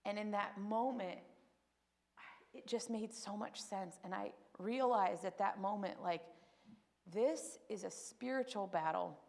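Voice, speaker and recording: Emotional woman with gravelly voice. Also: mid-range voice, measured pace. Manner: emotional, animated storytelling with acted quotes. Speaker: testimony speaker at church. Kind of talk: spoken personal testimony.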